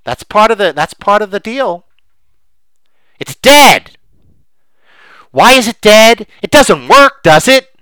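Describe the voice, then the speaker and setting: A man's voice: high-pitched, animated, normal speed, few pauses, a bit bright, clean tone, dry recording, low-quality recording. A man hosting a podcast, arguing emphatically and impassioned, with frequent restarts. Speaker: podcast host. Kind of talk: opinionated podcast talk.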